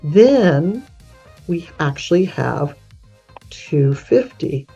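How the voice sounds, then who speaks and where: A woman's voice: low voice, big pitch swings, extremely slow, creaky, dark tone, breathy edge, highs cut off, faint music behind. A woman hosting her channel, chatting casually and correcting herself as she leads a map tour. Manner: chatty, folksy, self-correcting. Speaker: real estate channel host.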